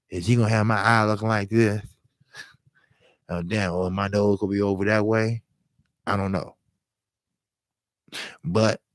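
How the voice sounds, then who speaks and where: A middle-aged man with a very low, gravelly voice spins a profane street tale in a loose, animated way. He jumps into a high pitch to play his younger self, then sinks back down. The sound is close and dry. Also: dry recording. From Chicago, south side. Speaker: boxing channel host. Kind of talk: casual storytelling monologue.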